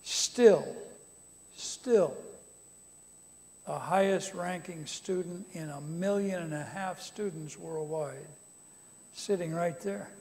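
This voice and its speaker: Animated preacher in a reverberant hall. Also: male voice, fairly high pitch, measured pace, background noise. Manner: animated, rising to loud emphatic calls. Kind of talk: sermon to a congregation. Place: conference center hall. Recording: long reverb of a large hall.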